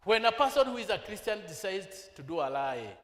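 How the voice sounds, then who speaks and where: A Kenyan preacher with a high, sing-song, fairly bright voice moves at a brisk pace through his sermon. The reverberant church hall echoes as he poses rhetorical questions to the congregation and changes into Swahili mid-sentence.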